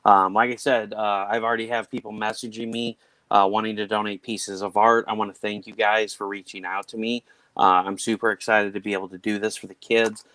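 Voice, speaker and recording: A man's voice: lowish voice, little pitch movement, brisk, fairly bright tone, no echo. A man who organizes a charity fundraiser, talking in an earnest, chatty way with many fillers. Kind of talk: casual livestream chat.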